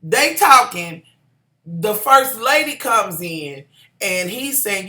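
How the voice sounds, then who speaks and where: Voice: mid-range voice, slow. Sassy, profane reviewer. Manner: sassy, profane, animated storytelling. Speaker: TV show reviewer. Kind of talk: casual ranting recap. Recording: echoey room.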